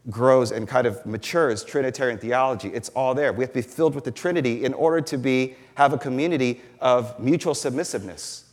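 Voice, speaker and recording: A male pastor teaching a sermon in an earnest, explanatory manner, leaning into his key points. His voice sits at an ordinary middle pitch. The hall gives it a long, lingering reverb.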